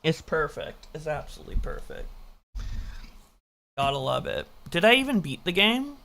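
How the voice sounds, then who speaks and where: Excitable, swearing reaction streamer. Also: mid-range voice, normal speed, creaky. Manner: swearing, excitable, self-mocking. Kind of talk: casual reaction commentary.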